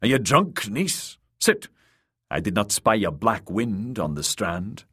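A man's voice: fairly low pitch, very animated, slow, sharp tone, slightly rough, no echo, clean studio sound, heavily acted. A man reading an audiobook, voicing a stern middle-aged warrior captain. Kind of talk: audiobook character voice.

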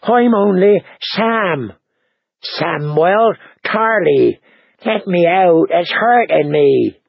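Man doing a frightened fat young man, high pleading voice, husky, sobbing, dull lo-fi recording. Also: animated, drawn-out words, full character voice.

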